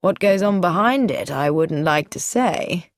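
A woman doing a calm, wry charming man. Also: fairly low pitch, dry recording, studio quality. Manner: slow, quiet, teasing.

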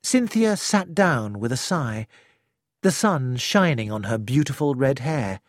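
An audiobook narrator reading a first-person story in a measured, deliberate way. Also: mid-range voice, lively intonation, no room sound, studio quality. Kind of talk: scripted narration.

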